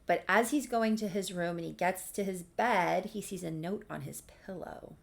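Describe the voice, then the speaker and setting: Casual woman storyteller, low and gravelly, chatty, playful asides to listeners. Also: moderate pace, hardly any pauses. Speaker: author and storyteller.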